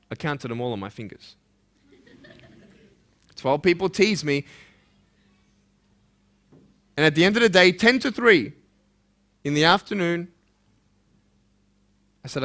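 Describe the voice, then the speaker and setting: A man giving a motivational speech to students, passionate and swinging from loud urging to hushed intensity, acting out dialogue and asking the audience direct questions. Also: on the high side, expressive, unhurried, long pauses. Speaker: motivational speaker at a school.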